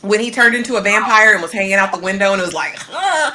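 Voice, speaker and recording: A woman's voice: medium pitch, very fast, bright, forceful tone. A woman co-hosting a casual TV recap chat, blunt and opinionated with dry sarcasm. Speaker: co-host on a recap panel.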